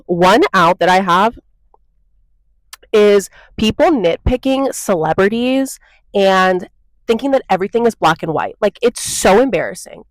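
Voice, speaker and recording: A woman's voice: mid-range voice, no room sound, rough recording. A young woman ranting bluntly into her phone for a casual opinion vlog, peppering her talk with "like" and "okay?". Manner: blunt and exasperated, lots of "like" and "okay?". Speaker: vlogger. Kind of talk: casual opinion rant to camera.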